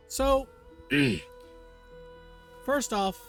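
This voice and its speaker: A man streaming live in casual, rambling chat, swearing loosely and often clearing a sore throat. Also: high voice.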